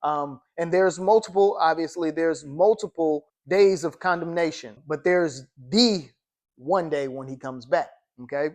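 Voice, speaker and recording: A man's voice: fairly high pitch, darkish tone. A man leading an informal Bible study, reading verses and word definitions aloud and checking in with listeners after nearly every phrase. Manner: explains slowly with frequent "okay?" check-ins; reads scripture and dictionary definitions aloud.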